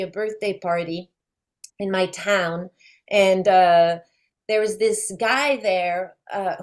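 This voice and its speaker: A woman, a guest chatting in an interview and telling lively stories with frequent laughs. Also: mid-range voice. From France. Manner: animated storyteller, laughs often. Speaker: guest, actress. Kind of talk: casual interview chat.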